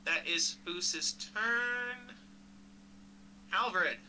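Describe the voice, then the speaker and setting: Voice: medium pitch, very slow, pushed and bright, slight background noise, rough recording. A casual, chatty game master running a tabletop game, laughing easily and correcting themselves mid-sentence.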